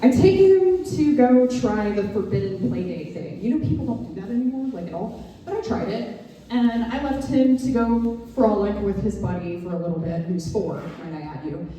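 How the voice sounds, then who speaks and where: Halting woman doing stand-up. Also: medium pitch, animated, dark tone, a little hiss or hum. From American South. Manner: halting, filler-heavy, dry self-mocking delivery. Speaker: stand-up comedian. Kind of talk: stand-up comedy set. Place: comedy lounge stage, live audience. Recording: roomy club echo, far mic.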